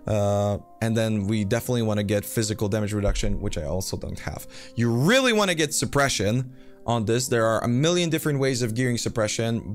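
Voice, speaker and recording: A man casually walking through a game character build, rambling with fillers and self-deprecating asides. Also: lowish voice. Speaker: game build guide host. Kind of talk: casual gameplay guide commentary.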